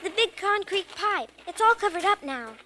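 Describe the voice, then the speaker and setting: Here is a frightened, insistent young girl in a 1950s radio drama. Her voice sits very high and cuts through with a bright, piercing edge. She pleads breathlessly and grows more frantic. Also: expressive, moderate pace, slight background noise, exaggerated voice.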